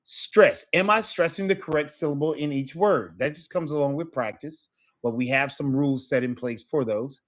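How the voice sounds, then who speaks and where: A man's voice: a little high, normal speed. A man teaching a language class, explaining patiently and checking in with his students often. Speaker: Spanish teacher. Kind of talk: online class lesson.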